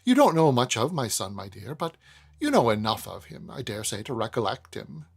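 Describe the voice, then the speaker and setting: A man's voice: medium pitch, big pitch swings, moderate pace, creaky, husky, exaggerated voice. A man reading aloud and voicing a stately, proud old woman who boasts of her family pedigree, in a raised voice with a put-on Welsh lilt. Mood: confiding. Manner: lofty, fond, confiding.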